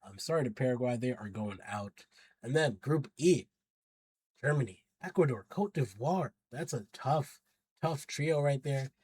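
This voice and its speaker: A man's voice: mid-range voice, lively intonation, a little slow, darkish tone, breathy edge, no echo. A man talking through his football predictions in a chatty, slangy way, hyping up teams and hedging his picks as he goes. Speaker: football pundit vlogger. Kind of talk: casual predictions commentary.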